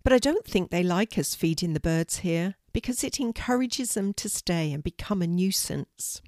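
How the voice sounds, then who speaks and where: A woman doing a calm, patient grandmother. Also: on the low side, moderate pace, dry recording, clean studio sound, natural voice. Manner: calm, explanatory. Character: warm, knowledgeable older grandmother. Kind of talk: storybook reading.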